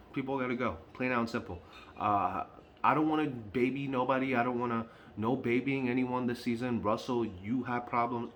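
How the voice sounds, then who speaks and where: Frustrated and insistent, this man addresses the camera in an off-the-cuff fan vlog about sports, going over his points again and again. He has a fairly low, fairly bright voice, and a faint hiss or hum sits under the recording.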